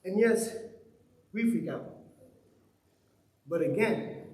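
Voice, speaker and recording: A man's voice: high-pitched, lively intonation, slow, darkish tone, roomy sound, rough recording. A man preaching a sermon in a conversational way, asking his listeners question after question. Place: church hall.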